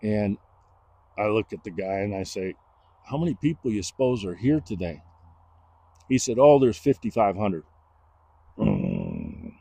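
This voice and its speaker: A middle-aged man, telling a personal story in a casual, animated way and acting out the voices of the people he quotes. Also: on the low side, measured pace, vocal fry, pauses often, slightly rough. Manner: animated, acts out quoted dialogue.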